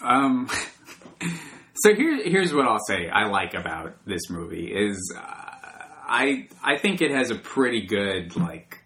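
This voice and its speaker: A man's voice: on the low side, big pitch swings, slow, sharp tone, slight background noise. A man hosting a podcast, chatting about a movie in an easygoing way. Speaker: podcast host. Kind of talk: casual movie discussion.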